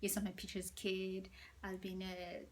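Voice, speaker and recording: A woman tells a storytime vlog at home, in a hushed, half-whispered, gossipy way. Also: mid-range voice, completely flat delivery, unhurried. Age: 30s. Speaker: vlogger. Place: indoors at home.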